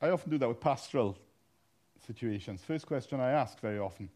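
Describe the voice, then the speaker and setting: A man's voice: medium pitch, animated, fast, dark tone. A man preaching a sermon, telling funny stories with a self-deprecating, anecdotal manner. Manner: humorous anecdotal, self-deprecating, laughs at own jokes. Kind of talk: sermon with storytelling.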